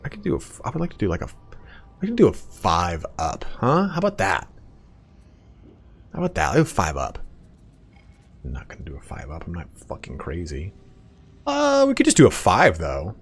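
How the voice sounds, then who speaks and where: A man's voice: low-pitched, wildly swooping pitch, normal speed, pauses often, slightly rough. A man streaming a game, chatting casually in a rambling, stop-start way and swearing now and then, on a desk microphone. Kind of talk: casual chat while gaming.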